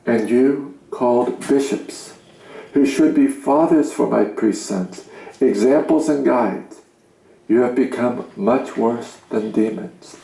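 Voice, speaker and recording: Man, grave slow reader, gravelly, roomy sound; scripture-style delivery. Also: medium pitch, mellow. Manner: grave, commanding, measured delivery. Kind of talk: solemn reading of a religious message. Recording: roomy echo.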